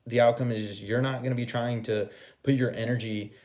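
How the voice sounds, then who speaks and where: Profane, animated man reading tarot. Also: mid-range voice, a little fast. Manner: profane, animated, acts out quoted voices; repeats a checking "okay?". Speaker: tarot reader. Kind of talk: casual tarot reading to camera.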